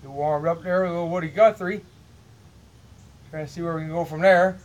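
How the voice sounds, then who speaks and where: Middle-aged man, from Illinois, high voice, flat delivery, rambling home vlog, stumbling repeats. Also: a little fast, loud music behind the voice, rough recording. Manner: repeats words, restarts, aggrieved. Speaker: vlogger. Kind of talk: rambling monologue to camera. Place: at his home.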